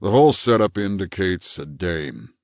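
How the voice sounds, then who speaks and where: A man's voice: deep voice, big pitch swings, normal speed, no echo, dull audio. A man voicing a lazy police detective who speaks in a heavy, bored voice.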